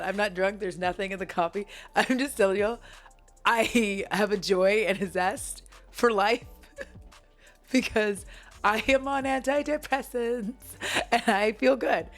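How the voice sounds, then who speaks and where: A woman hosting a casual movie recap vlog, giggly and rambling, with plenty of swearing. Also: mid-range voice.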